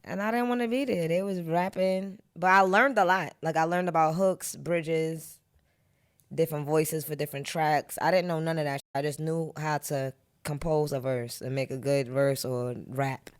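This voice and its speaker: A woman's voice: deep voice, steady tone, moderate pace. A woman from Queens, a podcast guest telling stories of her early rap days in blunt, laid-back street slang. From Queens, New York. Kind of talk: casual storytelling interview.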